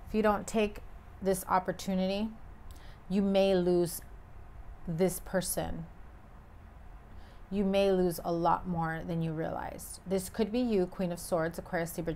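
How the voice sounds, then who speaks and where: A woman's voice: fairly low pitch, darkish tone, slight background noise. A woman giving a casual tarot reading, talking bluntly and emphatically with frequent swearing. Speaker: tarot reader.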